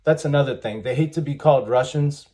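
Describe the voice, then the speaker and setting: A man's voice: medium pitch, a little fast, warm tone. A man, reading job ads aloud and commenting bluntly and wryly, chuckling often. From United States. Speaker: trucking channel host.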